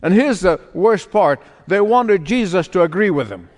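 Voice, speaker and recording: A male pastor preaching a sermon emphatically, repeating key phrases and swinging from hushed to loud. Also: high voice, animated, normal speed. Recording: long reverb of a large hall.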